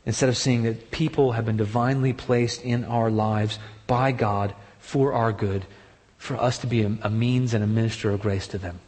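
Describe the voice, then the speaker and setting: A man preaching a sermon with emphatic delivery, rising high when he mimics people's excuses. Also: steady tone, normal speed, a little mellow. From partly German heritage. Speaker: pastor. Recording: long hall reverb.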